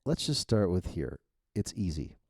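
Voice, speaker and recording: A man's voice: deep voice, big pitch swings, normal speed, darkish tone, no echo. A novelist thinking aloud in a rambling, casual way as he edits his manuscript, swearing freely and chuckling at himself. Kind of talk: thinking-aloud editing walkthrough.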